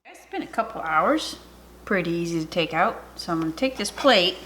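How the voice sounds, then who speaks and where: A woman hosting a casual home cooking video, chatty and excitable, talking straight to her viewers. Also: on the low side, moderate pace, a little hiss or hum. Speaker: cooking vlogger. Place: home kitchen.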